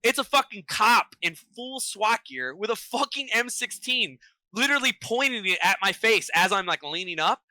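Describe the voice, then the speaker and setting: A man with a bright, forceful voice that sits a little high for a man. He tells a story excitably on a podcast, swearing freely and throwing in slang. The sound is dry and close, with almost no room around it. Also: moderate pace, no room sound, rough recording. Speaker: podcast guest, vocalist. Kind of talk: casual storytelling chat.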